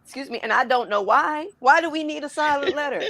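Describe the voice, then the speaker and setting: A woman's voice: high-pitched, fast talker, bright, forceful tone, no room sound. An American woman co-hosting a casual podcast, chatting and laughing with many restarts. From United States. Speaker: podcast co-host. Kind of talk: casual chat. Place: living abroad, talking remotely.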